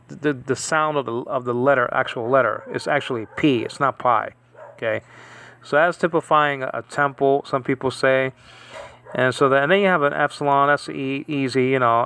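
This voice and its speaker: A man's voice: medium pitch, fairly bright tone, no echo. A man giving a casual online lesson on biblical Greek letters, rambling and digressive, with many restarts. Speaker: Greek teacher.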